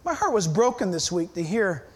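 A man's voice: sits high, sing-song, normal speed. A man preaching a sermon as pastor, emphatic and firing rhetorical questions at his listeners.

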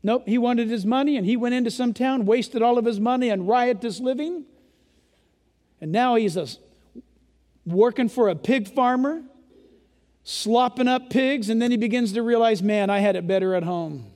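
A male pastor delivers an emphatic sermon in a very high voice, sometimes raising it to a yell. His words ring out with the long reverb of a large church sanctuary during a service. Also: normal speed, pauses often. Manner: emphatic preaching, yelling at times.

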